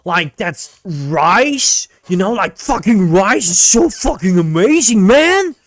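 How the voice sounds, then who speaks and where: A man mimicking an over-excited young male streamer who overreacts to everything. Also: high-pitched, slow, no room sound, voice pushed up, exaggerated voice. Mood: gushing. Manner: exaggerated, overreacting.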